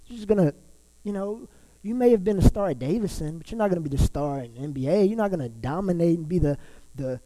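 The devil as a sneering, sarcastic doubter who brushes off every hope, played by a man in his preaching voice. The voice sits high for a man and keeps a soft, mellow tone. The sarcasm comes in quick, scoffing bursts. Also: animated, big-room sound, rough recording. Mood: mocking. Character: mocking male Satan sneering at a young player.

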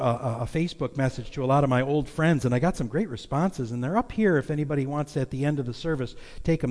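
A man's voice: medium pitch, a little mellow, long reverb tail. A man preaching a sermon, telling a story in a loose, conversational way. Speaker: pastor.

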